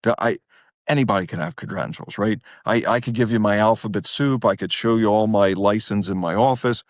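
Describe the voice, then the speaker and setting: A middle-aged man from Wilmington, speaking as a therapist guest and telling animated stories in casual chat. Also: on the low side, brisk, dry recording, clean studio sound. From Wilmington, Delaware. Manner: animated, self-deprecating, jumps into quoted voices. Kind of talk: casual storytelling in a podcast interview.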